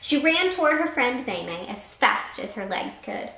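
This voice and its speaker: Slightly high and a bit creaky, a woman's voice moves at a moderate pace through a picture book she's reading to children as a teacher. Expressive and animated, she adds brief asides to the story. A roomy echo colors the audio.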